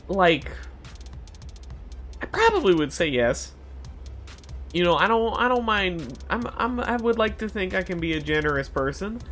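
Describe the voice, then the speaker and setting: Young guy streaming a truck game, rambly stories, voice a bit high and bouncing all over, some music low behind. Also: measured pace, long pauses. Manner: animated storytelling, jumps to a high pitch for quoted voices, laughs often, swears. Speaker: gaming streamer. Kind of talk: casual rambling commentary while gaming.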